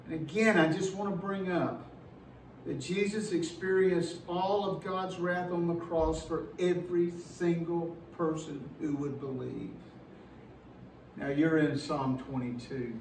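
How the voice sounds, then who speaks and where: A pastor preaching a sermon in an earnest, emphatic way, slowing down and repeating words as he builds a point. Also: on the high side, steady tone, roomy sound, distant mic, slight background noise, poor audio.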